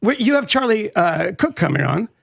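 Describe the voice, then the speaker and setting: Animated, gravelly man with sardonic jabs. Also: sits high, normal speed, dry recording, studio quality. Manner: animated and sardonic, mocking voices. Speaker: podcast co-host and guest. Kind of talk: casual political talk.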